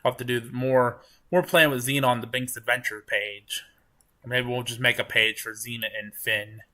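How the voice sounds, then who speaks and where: A man hosting a live storm-tracking stream from his couch at home, talking with viewers in a relaxed, rambling way. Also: mid-range voice, normal speed. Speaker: livestream storm chaser host. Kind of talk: casual live-stream commentary.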